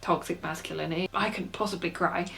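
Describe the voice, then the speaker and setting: Chatty woman, lowish voice. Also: steady tone, fast, gravelly, a bit bright. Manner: chatty, peppered with "like". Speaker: book reviewer. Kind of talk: casual plot recap.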